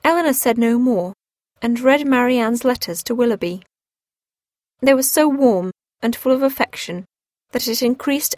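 A woman narrating a classic novel in a clear, measured storytelling manner. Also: a little high, no echo. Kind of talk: scripted narration.

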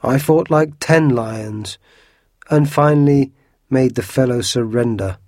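A man voicing a boastful, booming male musketeer who brags in a slow, loud delivery, read as part of a storybook. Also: dry recording, studio quality, close to an everyday voice. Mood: boisterous.

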